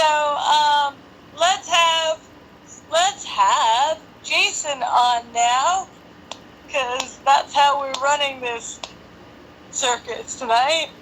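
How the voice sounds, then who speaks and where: A woman's voice: high-pitched, takes it slowly, a bit bright, slight background noise, poor audio. A woman hosting a casual live stream from her apartment on a phone. She chats and jokes to herself while she waits for guests. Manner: chatty, joking, talks to herself while waiting. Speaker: host. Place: home apartment.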